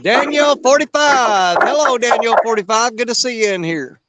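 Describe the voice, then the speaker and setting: A man's voice: very high-pitched, moderate pace, very noisy. A man hosting a casual livestream, greeting viewers by name in a folksy, drawling way. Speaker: livestream host. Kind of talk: casual livestream chat reading viewer comments.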